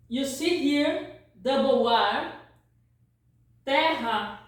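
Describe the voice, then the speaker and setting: Brazilian-accented woman, native Portuguese speaker, very slow patient lesson, high voice, echoey room and distant mic. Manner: patient, repeats words, frequent "ok?" checks. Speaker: language teacher. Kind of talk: slow song-lyric vocabulary lesson.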